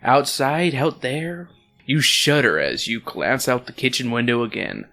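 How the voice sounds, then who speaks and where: A man's voice: mid-range voice, a little slow, faint music behind. A man hosting a podcast, reading a story aloud with crude comedic asides. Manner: animated, joking, crude asides. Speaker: podcast host and reader.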